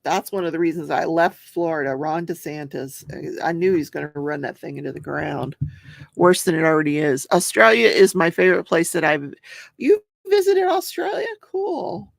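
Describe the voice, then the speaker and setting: A woman's voice: sits low, moderate pace, creaky, dry recording. An older woman hosting a casual livestream, chatting and reading viewer comments aloud while she crafts, laughing often. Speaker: host of a crafting and true-crime talk show.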